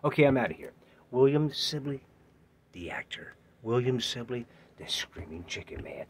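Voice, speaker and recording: A man recording his own audition pitch, theatrical and playful, rhyming and joking, swinging from shouts down to whispers. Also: lively intonation, moderate pace, breathy edge. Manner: rhyming, playful, self-mocking. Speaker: actor auditioning. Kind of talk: self-tape audition pitch.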